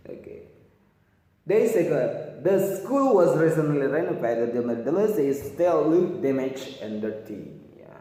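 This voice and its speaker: Slow, halting male teacher in echoey room. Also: mid-range voice, warm tone. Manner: halting, many restarts and fillers, repeats phrases. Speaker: English teacher. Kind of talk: grammar lesson explaining examples. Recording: echoey room with long reverb.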